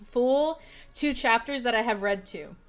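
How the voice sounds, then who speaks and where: A young woman streaming, chatting casually with viewers in a bubbly, excitable way as she gets ready to read a fanfic aloud. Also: fairly high pitch, measured pace, faint music behind. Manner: bubbly, excitable, repeats greetings. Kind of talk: casual livestream chat.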